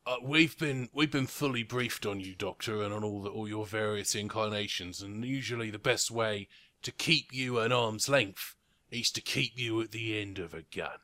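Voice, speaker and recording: Bright-voiced man running a tabletop game. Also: on the low side, normal speed. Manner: rambling with many fillers, voices figures briefly. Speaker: game master. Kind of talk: narrating a tabletop role-playing game. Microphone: remote recording.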